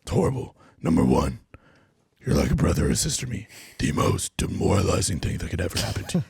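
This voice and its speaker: A man doing a comedic impression of a gruff, brooding male superhero vigilante, growled slowly with a deep, gravelly rasp. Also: no echo, studio quality, heavily acted. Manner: slow growling deadpan delivery. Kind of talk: comedic impression in a podcast game.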